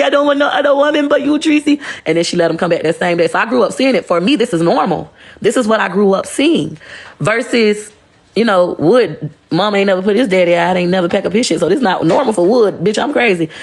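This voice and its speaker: Blunt, profane woman with a gravelly voice. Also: medium pitch. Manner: blunt, profane, animated storytelling. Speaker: livestreamer. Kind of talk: casual livestream monologue.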